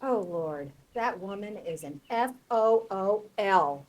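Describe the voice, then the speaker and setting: A woman voicing a blunt, skeptical neighbor in a radio play, quick to scold. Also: medium pitch, animated, darkish tone.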